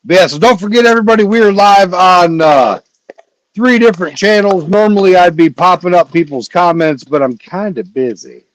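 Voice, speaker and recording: A man's voice: sits high, expressive, no echo, poor audio. Rambling, chatty man hosting a livestream. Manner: rambling and chatty, with filler pauses. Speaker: livestream host. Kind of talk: casual livestream chat.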